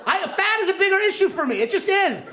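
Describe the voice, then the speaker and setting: A young man from Kentucky performing a stand-up set in a comedy club, animated and punching up his lines with loud exclaimed bursts. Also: very high voice, fast, noisy background. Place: comedy club with laughing audience. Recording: roomy club with crowd laughter.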